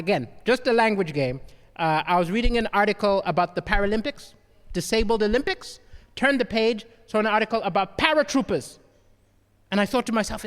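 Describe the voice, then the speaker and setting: A man from southern Africa doing a stand-up comedy set on a live stage, telling stories in an animated way, restarting with stammers and tossing in "right?" asides. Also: high-pitched, long reverb tail.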